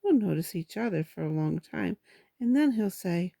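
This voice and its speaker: A woman voicing a gentle, simple-minded bear in a storybook reading, slow and earnest as he thinks things out. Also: fairly low pitch, lively intonation, creaky, no room sound, clean studio sound. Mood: thoughtful. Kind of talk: storybook read-aloud.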